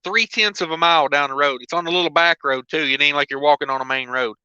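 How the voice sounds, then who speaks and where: Male trucker host, laid-back rambling chat, high smooth voice, lo-fi recording. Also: fast talker, sharp tone, no room sound. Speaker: trucker hosting a livestream. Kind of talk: casual livestream chat. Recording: dull lo-fi dry sound.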